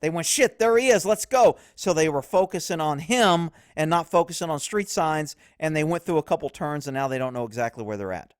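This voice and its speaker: A man's voice: on the high side, brisk, hardly any pauses, clean tone, no room sound. Blunt profane man commenting, dry close sound. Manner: blunt, profane, laughs easily. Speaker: police video commentator. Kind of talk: casual video commentary.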